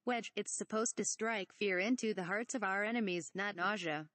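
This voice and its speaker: A woman's voice: mid-range voice, moderate pace, fairly bright tone, no echo, natural voice. An exasperated male wingman, read by a woman, answers with dry sarcasm. Close, dry recording. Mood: sarcastic.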